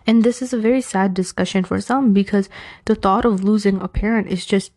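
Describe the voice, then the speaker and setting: New york woman giving islamic life advice, chatty and blunt, mellow warm voice. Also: mid-range voice, steady tone, fairly quick. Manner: chatty, frank, digresses with self-aware humor. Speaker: advice speaker. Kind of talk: casual Islamic advice talk.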